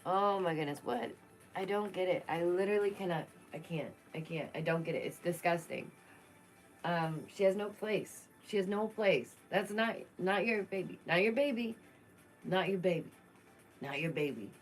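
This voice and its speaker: Chatty outspoken woman vlogger, lower voice. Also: moderate pace, soft background music. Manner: chatty, outspoken, laughs often. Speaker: true crime commentary vlogger. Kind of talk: casual commentary.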